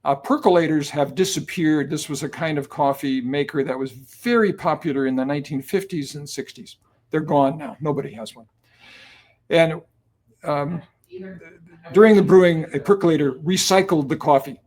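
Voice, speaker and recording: An older man in his seventies, a guest on an interview show, recounts stories in a loose, relaxed way, pausing on plenty of ums and uhs. His voice sits a bit higher than most men's. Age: 70s. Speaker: guest, company cofounder. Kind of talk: conversational storytelling.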